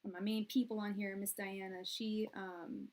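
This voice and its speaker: A woman hosting a tarot live stream from a room at her parents' house, chatting in a soft, soothing voice with many fillers and restarts. Her audio comes through quiet and low. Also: level tone, normal speed, low-quality recording. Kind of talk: casual live-stream chat. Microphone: quiet, low-level live-stream audio.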